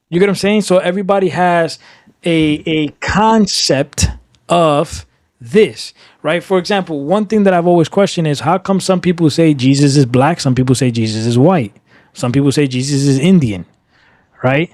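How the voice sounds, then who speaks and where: A man's voice: a little high, moderate pace, darkish tone, no room sound, studio quality. A man in casual podcast conversation, talking emphatically and often checking in with "right?", sometimes slipping into Spanish. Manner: switches into Spanish at times.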